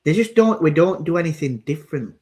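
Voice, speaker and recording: A man with a fairly high, expressive voice talks fast, with a slightly mellow tone and a breathy edge. He's co-hosting a casual football watchalong, rambling as he calls out substitutions and plays and grumbles about how the match is going.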